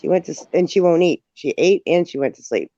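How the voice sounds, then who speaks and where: Animated woman telling stories, dull audio. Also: on the low side, quick pace, no room sound. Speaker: livestream guest. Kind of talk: casual chat, storytelling.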